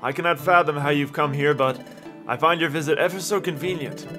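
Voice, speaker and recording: A man's voice: a little high, a little fast, music in the background, lightly acted. A man reading the lines of a serene female legendary moon creature from a video game, in a solemn, formal manner.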